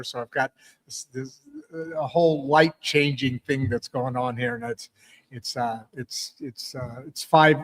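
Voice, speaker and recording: A man hosting a podcast, chatting casually in an upbeat, rambling way with plenty of ums and restarts. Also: mid-range voice. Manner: rambling, upbeat, lots of fillers. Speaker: podcast host. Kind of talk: casual chat.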